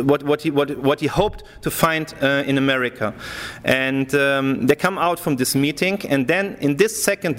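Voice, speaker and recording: A man's voice: a little high, in a large hall. A man, a rabbi, telling a long personal story to an audience and acting out the people he quotes. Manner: animated storyteller who acts out the people he quotes.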